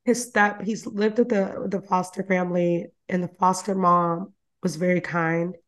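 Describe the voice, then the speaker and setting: A woman's voice: fairly low pitch, steady tone, unhurried. A woman host casually retelling a novel's plot. She talks loosely, swears freely, laughs often and leans on fillers like "you know". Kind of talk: casual book recap chat.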